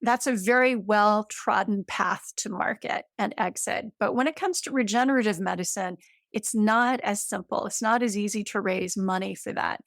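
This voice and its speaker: A woman's voice: medium pitch, normal speed, gravelly, no room sound, clean studio sound. A woman in her fifties, a guest in an interview, explaining science with enthusiasm, checking in with "right?" and using everyday comparisons. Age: 50s.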